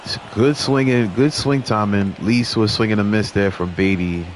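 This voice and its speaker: Brief: young male gaming host calling baseball play-by-play, lowish voice, slight noise behind. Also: normal speed. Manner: excitable on big plays, chatty asides to viewers. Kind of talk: play-by-play commentary over a baseball video game.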